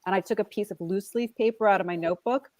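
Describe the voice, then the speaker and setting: A Brooklyn-accented actress in her forties, appearing as a guest in a casual interview, tells animated, self-deprecating stories and acts out the quotes. Her mid-range voice moves at a quick pace with no echo.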